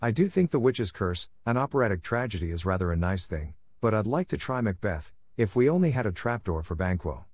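A man's voice: on the low side, brisk, hardly any pauses, husky. Man voicing a bold theatrical teenage girl. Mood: eager. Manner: lively, dramatic. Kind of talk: audiobook character voice.

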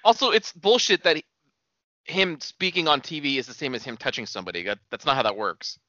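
A man's voice: medium pitch, pushed and bright, dry recording. A man co-hosting a movie podcast, sarcastically mocking the plot in casual chat. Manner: sarcastic, quick to mock the plot with swearing. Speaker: podcast co-host. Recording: slightly dull lo-fi, dry.

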